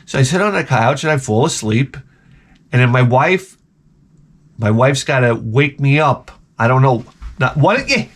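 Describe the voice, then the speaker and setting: A man's voice: mid-range voice, normal speed, slight background noise. A middle-aged man ranting at home in a casual, profane, sarcastic vlog, telling stories with lots of swearing. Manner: profane, sarcastic, animated storytelling. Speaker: vlogger. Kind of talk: casual rant to camera.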